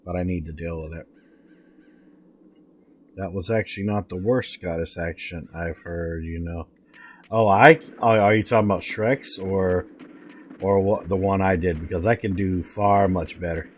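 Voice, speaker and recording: A man's voice: sits low, steady tone, normal speed, a little hiss or hum. A man streaming live gameplay, swearing and trash-talking the game as he plays. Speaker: gaming streamer. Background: faint game music.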